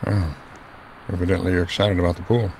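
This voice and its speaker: A man co-hosting a game let's-play as the dad, teasing in a dry, deadpan way. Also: deep voice, fast talker, vocal fry, a little hiss or hum. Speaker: co-host, the dad. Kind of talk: casual let's-play banter.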